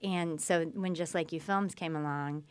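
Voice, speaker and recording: A woman guest telling her story in conversation, lively and acting out quoted speech. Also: fairly low pitch, normal speed, smooth. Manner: animated, acts out quoted speech.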